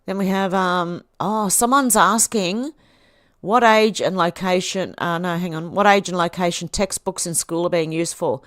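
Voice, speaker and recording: A woman's voice: lowish voice, steady tone, moderate pace, a bit bright, no room sound, clean studio sound. A woman hosting a livestream, reading posts aloud and reacting in a chatty way. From Australia. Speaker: livestream host.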